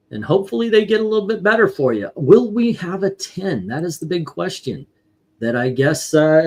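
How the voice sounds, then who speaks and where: A man's voice: on the high side, breathy edge. Upbeat man hosting a livestream panel. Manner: upbeat, tallying votes aloud. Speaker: host. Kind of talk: casual livestream panel chat.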